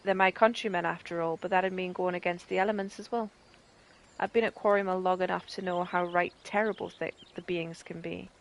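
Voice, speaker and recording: Northern woman voicing a nervous villager in a game, halting, sorry-sounding. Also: medium pitch, close to an everyday voice. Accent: Northern English. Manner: hesitant, halting. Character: hesitant, apologetic villager.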